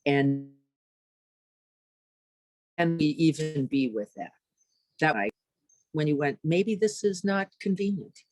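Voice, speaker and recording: A woman meditation teacher giving a dharma talk, lively and searching, tossing rhetorical questions to her listeners and acting out inner voices. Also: rumbling low, no echo.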